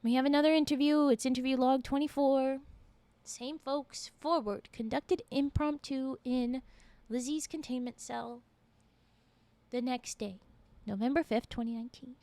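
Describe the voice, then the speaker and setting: A woman streamer reading a story aloud to her chat, lively and quick with asides. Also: sits high, dry recording.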